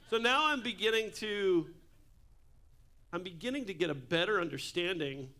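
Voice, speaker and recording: A man's voice: sits high, sharp tone. A man preaching a sermon at church in a casual, joking way, with asides to the congregation. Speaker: pastor.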